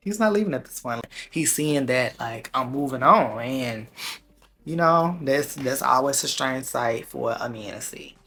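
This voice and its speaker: A man vlogger telling a personal story in a candid, slangy, animated way. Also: medium pitch, a little slow, slightly rough. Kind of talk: casual storytime vlog.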